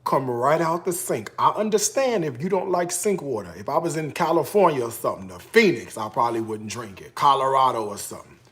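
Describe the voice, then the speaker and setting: A man's voice: mid-range voice, lively intonation, brisk, few pauses, a bit bright, roomy sound. A man from Chicago hosting a casual cooking show, chatting straight to his viewers in a playful, teasing way.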